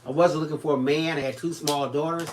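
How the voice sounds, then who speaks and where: A man's voice: fairly high pitch, fast, slight background noise. A man co-hosting a home crafting livestream, reading viewer comments aloud and teasing in easygoing chat. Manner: joking, teasing, animated storyteller.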